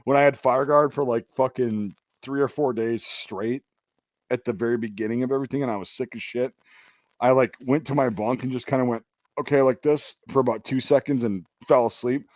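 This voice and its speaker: A man talks in a loose, profane, rambling way as he hosts a casual chat. His voice sits in an ordinary middle pitch. The sound is dry and a little dull. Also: steady tone, brisk, darkish tone, no room sound. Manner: profane, rambling, laughs while telling stories. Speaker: podcast host.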